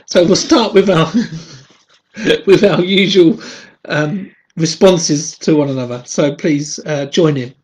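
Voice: mid-range voice, takes it slowly. A prayer leader opening midday church prayers in a casual, laughing manner with many fillers, and reading hymn verses. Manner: laughs often, relaxed, friendly filler-heavy talk. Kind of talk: casual chat and leading prayers.

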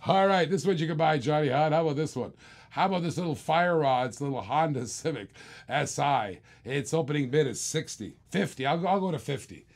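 A man hosting a live-streamed toy car auction, calling bids in quick repeated bursts with chatty asides to viewers. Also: a little high, animated. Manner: rapid repetitive bid calling, chatty asides. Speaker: auctioneer host.

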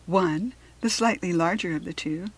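A woman reading a children's storybook aloud in a soft, often whispered narration. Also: on the low side, normal speed, slightly rough, rough recording. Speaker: children's book reader.

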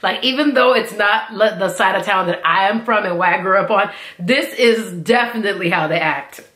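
A woman's voice: mid-range voice, moderate pace, fairly bright tone, roomy sound. An American woman hosting a reaction video, chatting casually with lots of fillers and giggles. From United States.

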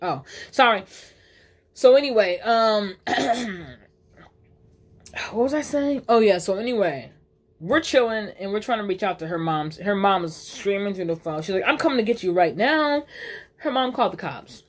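A woman talks loosely and at length in a casual storytime vlog. She swears freely, drops slang fillers and keeps restarting and correcting herself, all in a voice of middling pitch. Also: lively intonation, normal speed. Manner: rambling, profane, uses slang fillers. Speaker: vlogger telling a personal story.

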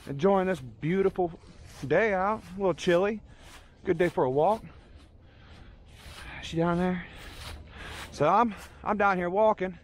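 A man's voice: sits high, unhurried, long pauses, slight background noise. A man telling a comic story outdoors on park trails, out of breath and rambling with mock outrage. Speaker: vlogger. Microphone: handheld camera.

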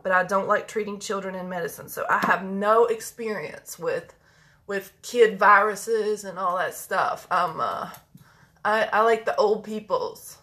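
A woman's voice: medium pitch, unhurried, pushed and bright. A woman chatting casually with viewers while doing her makeup, joking and folksy, a little congested. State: congested with mucus. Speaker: beauty vlogger and medical practitioner. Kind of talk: casual live makeup chat.

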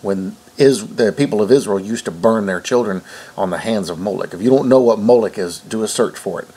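Male commentator with a husky, low voice. Reads news, then rebuts it indignantly. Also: a little fast, warm tone. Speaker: online commentator. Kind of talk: reading news aloud with commentary.

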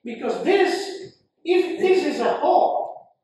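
A man giving a university lecture, slow and halting, with frequent fillers and repeated phrases. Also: extremely high pitch, animated, a little mellow, a little hiss or hum. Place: lecture hall. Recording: very echoey room, mic far off.

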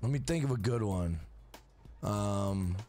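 A man's voice: lowish voice, lively intonation, takes it slowly, warm tone, soft background music. A man hosting a casual game livestream, talking loosely and profanely to his chat.

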